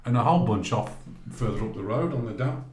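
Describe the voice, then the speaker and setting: A man tells a long anecdote in an easygoing podcast chat. He jumps into quoted voices as he plays out both sides of an argument. His voice sits at an ordinary middle pitch and carries a noticeable echo off the room. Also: animated, fast, a little mellow. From England, from Great Barr. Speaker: podcast guest telling a travel story. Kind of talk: casual anecdote storytelling. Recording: roomy echo.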